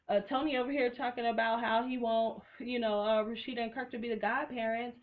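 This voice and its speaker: Young woman, fairly high voice, blunt, cussing, sassy reality-show commentary. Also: brisk, hardly any pauses. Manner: blunt, profane, animated, with sassy asides. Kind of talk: casual vlog commentary.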